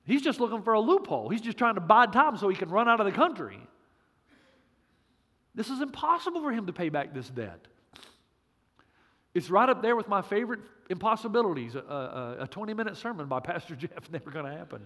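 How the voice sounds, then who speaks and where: A man's voice: high voice, very animated, a little fast, pauses often, sharp tone, big-room sound. A man preaching a sermon as pastor, punchy and joking, with emphatic repeats.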